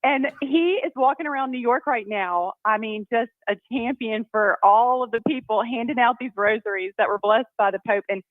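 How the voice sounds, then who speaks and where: A woman's voice: on the high side, a little fast, few pauses, no room sound. Woman, radio guest, upbeat storyteller, tinny phone line, dry sound. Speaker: congresswoman guest.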